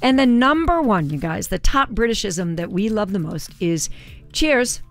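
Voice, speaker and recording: A woman's voice: medium pitch, normal speed. A woman hosting a radio show, leading the segment in chatty, casual banter. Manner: chatty, animated, leads the segment. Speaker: radio host.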